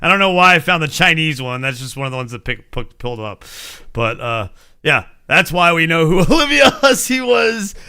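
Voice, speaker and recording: A man's voice: fairly high pitch, big pitch swings, normal speed, bright, forceful tone, smooth. A man in his forties from the United States, hosting a casual entertainment news chat, rambling and swearing with frequent laughs. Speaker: host.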